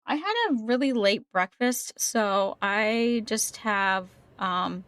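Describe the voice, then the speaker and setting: Speaking slowly in a medium-pitched, fairly bright voice, a young woman keeps up a cheerful, casual chat with her viewers while gaming on a livestream. The sound is clean with no echo, and she sometimes stumbles over her words.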